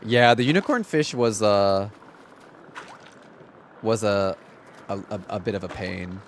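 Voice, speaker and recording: A young man streaming a game, chatting casually in an excitable, dramatic and sarcastic way. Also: lowish voice, measured pace, noisy background. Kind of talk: casual gaming livestream chat.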